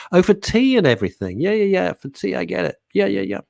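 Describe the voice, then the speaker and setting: Man, radio talk host, lively swooping pitch, dry close sound. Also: fast, vocal fry, hardly any pauses, no room sound. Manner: chatty, animated, jokey, talks to listeners by name. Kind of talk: casual chat reading listener comments.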